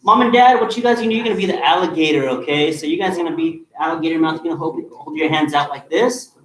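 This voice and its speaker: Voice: mid-range voice, rapid-fire, slight background noise. A martial arts instructor explaining a game to kids and parents, upbeat and directive, checking in with "okay?". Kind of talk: explaining a kids' game in an online class. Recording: echoey hall, far from the mic.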